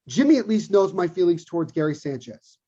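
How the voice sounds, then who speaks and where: This sports podcast co-host has a high, husky voice with a breathy edge and dark tone, and he speaks very animatedly and a bit fast. Opinionated and emphatic, he hammers points through repetition, all in a muffled, dull lo-fi recording.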